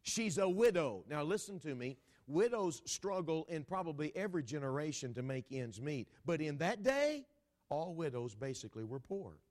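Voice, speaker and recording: A preacher addressing his congregation in an animated, dramatic sermon. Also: on the high side, normal speed. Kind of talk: sermon storytelling.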